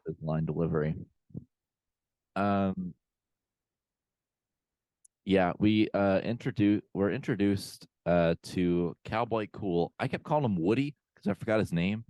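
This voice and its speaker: A man's voice: deep voice, a little slow, pauses often, darkish tone, no echo. A man co-hosting a podcast over a video call, talking in a laid-back, drawling way with lots of fillers. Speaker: podcast co-host. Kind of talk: casual chat reviewing a film.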